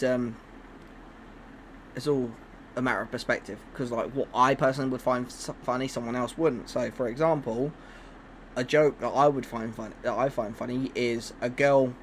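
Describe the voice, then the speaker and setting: A man's voice: medium pitch, a little hiss or hum. Rambling male streamer, casual chat. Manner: rambling, many restarts and fillers.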